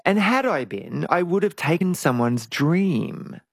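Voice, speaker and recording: Middle-aged woman guest, gravelly, candid, dry close sound. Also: lowish voice, unhurried, no echo. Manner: frank and reflective, animated at times. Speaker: interview guest, singer. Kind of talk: candid conversational interview.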